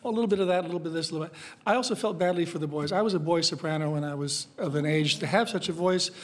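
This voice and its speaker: A man's voice: a little high, rapid-fire. Blunt, opinionated male critic. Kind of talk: discussion panel.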